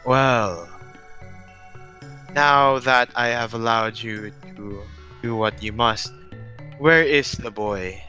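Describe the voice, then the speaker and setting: A man voicing a calm, solemn male guardian spirit, speaking in a measured, formal way in a tabletop game. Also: medium pitch, soft background music. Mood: stern.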